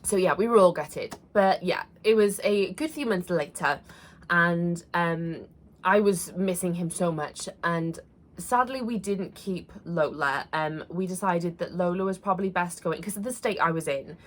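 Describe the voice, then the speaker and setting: A woman in her thirties recounts a personal story straight to camera. Her voice sits a little low for a woman, and she talks earnestly and casually, often pausing on fillers and restarting her sentences. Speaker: vlogger.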